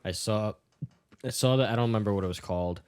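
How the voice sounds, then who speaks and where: A man's voice: lowish voice, fast talker, a little mellow, clear, resonant tone. A man co-hosting a casual podcast, chiming in with dry wisecracks and short remarks. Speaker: podcast co-host.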